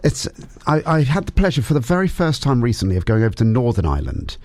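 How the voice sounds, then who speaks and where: A man's voice: mid-range voice, quick pace, no room sound. A man hosting a radio show, interviewing a guest with enthusiastic, chatty energy. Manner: lively, enthusiastic, laughs easily. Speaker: radio presenter.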